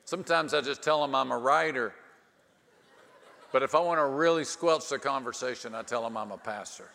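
Pastor preaching in a reverberant hall. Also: male voice, mid-range voice, creaky. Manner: dry humor, dramatic pauses, wide swings from hushed to loud. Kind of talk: sermon storytelling.

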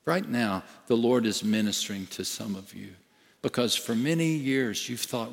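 A male pastor preaching a sermon slowly and emphatically, dropping to a hush at times. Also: medium pitch, expressive, vocal fry. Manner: slow, emphatic preaching with dramatic dips to a hush. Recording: long reverb of a large hall.

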